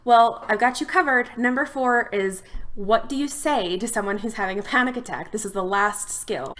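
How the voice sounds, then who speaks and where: A young adult woman therapist giving calm, steady instructional advice straight to the viewer. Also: on the high side, normal speed. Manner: calm, steady explanatory delivery. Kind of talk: instructional talk to camera.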